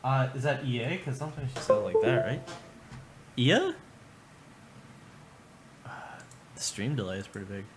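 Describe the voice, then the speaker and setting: Animated, sarcastic male streamer. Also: medium pitch, normal speed, pauses often, background noise. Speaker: livestream host. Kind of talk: casual livestream commentary.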